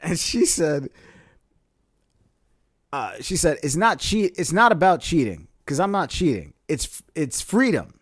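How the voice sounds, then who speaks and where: A young man with a slightly high voice tells a story on a podcast, laughing often and acting out the people in it. The sound is dry and close, with no room behind him. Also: unhurried, breathy edge, dry recording. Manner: animated, laughs often, acts out quotes. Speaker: podcast co-host. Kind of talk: casual storytelling chat.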